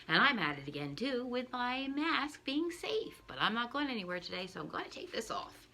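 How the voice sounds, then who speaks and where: A woman teacher giving a phonics lesson for young children from her living room, in an animated, sing-song way with playful asides. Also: on the high side, moderate pace, slight background noise. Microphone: camera on a stand.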